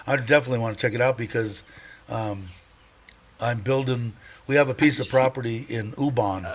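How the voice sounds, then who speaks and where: A man's voice: fairly low pitch, slight background noise. A middle-aged man hosting a casual livestream, rambling and chatty, laughing often and stopping to restart his sentences. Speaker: livestream host.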